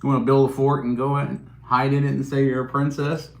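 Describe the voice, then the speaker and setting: A man's voice: mid-range voice, flat delivery, brisk, darkish tone, a little hiss or hum. A man hosting a casual livestream, rambling and joking as he reads out and answers chat comments. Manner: joking, rambling, chuckling while reading chat. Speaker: livestream host. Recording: roomy echo.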